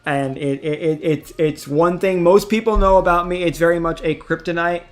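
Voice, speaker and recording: A man's voice: a little high, fairly even intonation, moderate pace, faint music behind. A man hosting a casual livestream chat, frank and profane, often stammering and restarting his sentences. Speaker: streamer host.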